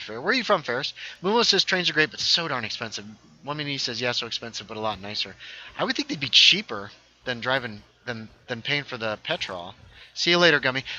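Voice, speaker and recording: A man's voice: a little high, bright, forceful tone, lo-fi sound. A man hosting a casual gaming livestream, thinking aloud as he builds and reading viewer chat aloud. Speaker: livestream host.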